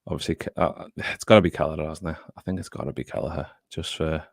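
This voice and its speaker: A man's voice: a bass voice, fairly even intonation, quick pace, vocal fry, no room sound. A man hosting a casual football podcast, rambling, swearing freely and talking to his live chat. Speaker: podcast host.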